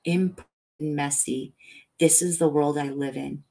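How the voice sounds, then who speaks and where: A woman reading a novel aloud as a bedtime story, soft and unhurried. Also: low-pitched, steady tone, creaky, rough recording. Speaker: audiobook reader.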